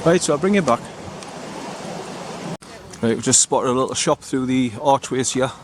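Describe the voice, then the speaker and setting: An older man from the North East of England films a walking vlog beside a river in a small town, chatting casually, rambling a bit and correcting himself. His voice is medium-pitched at normal speed, with noisy surroundings.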